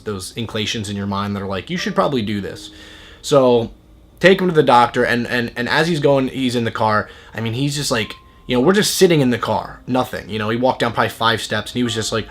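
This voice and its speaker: Speaking quickly in a mid-range, fairly bright voice, a man shares a personal story in an earnest, conversational way. He's expressive throughout and acts out what people said to him.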